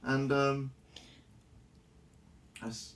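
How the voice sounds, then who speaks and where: A man's voice: medium pitch, flat delivery, very slow, fairly bright tone. A man casually recounting an anecdote in a home living room, animatedly acting out the voices of the people he quotes. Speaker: vlogger.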